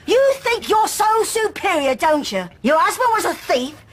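Feisty older landlady grandmother, high and swooping, soap drama brawl. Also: big pitch swings, normal speed, a little hiss or hum. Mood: angry. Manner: fiery, indignant, shouting insults. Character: brassy older pub landlady grandmother, combative. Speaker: pub landlady. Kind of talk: British soap drama acting.

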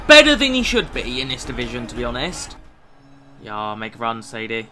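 A man giving live gameplay commentary. He swings from low muttering to excited shouting and swears often. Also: brisk. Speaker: gaming YouTuber. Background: music.

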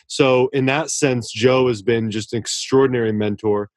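A man's voice: mid-range voice, fairly even intonation, normal speed, hardly any pauses, no echo. A man speaking as a guest author in a casual podcast interview, earnest and effusive, often restarting his sentences.

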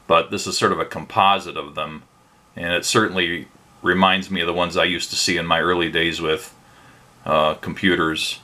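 An older man hosting a hobby electronics channel, narrating a demo in a relaxed, plain-spoken way with hesitant pauses. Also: deep voice.

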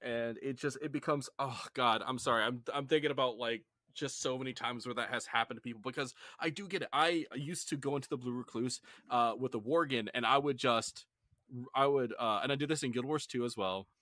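Male podcast host, mid-pitched, rambling casual chat, dry close mic. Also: a little fast, pushed and bright, dry recording. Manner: rambling, apologizes for ranting.

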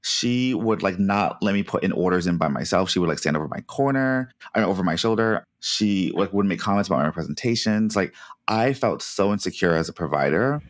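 Deep fast-talking man telling stories. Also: dry recording, clean studio sound. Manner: fast, animated, laughs often. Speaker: physician, podcast co-host. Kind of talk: casual chat, storytelling.

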